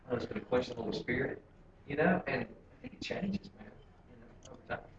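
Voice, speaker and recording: A man in a men's Bible group sharing his thoughts casually, thinking out loud in a reflective way. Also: mid-range voice, animated, fast talker, creaky, noisy background. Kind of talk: casual testimony. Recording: far-off echoey lo-fi room recording.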